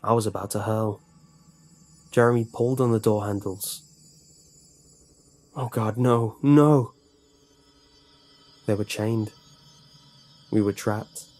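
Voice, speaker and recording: A man narrating a horror story in a steady, measured way. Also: on the low side, soft background music.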